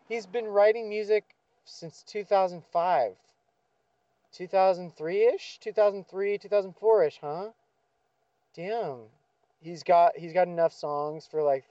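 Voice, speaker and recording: A man's voice: high-pitched, warm tone, no echo, dull audio. A man putting on the voice of an eager male talent scout who is amazed and impressed. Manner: incredulous exclamations.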